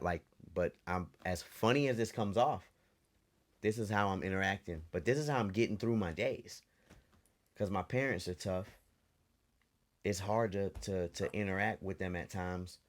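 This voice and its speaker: A man's voice: sits low, normal speed. A man co-hosting a podcast, telling candid stories from childhood in a loose, casual way. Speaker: podcast co-host. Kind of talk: casual chat.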